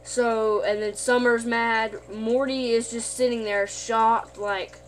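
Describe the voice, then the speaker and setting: A woman's voice: a little high, level tone, slow, a little hiss or hum. A woman casually recapping an episode in a rambling way, with lots of fillers and restarts.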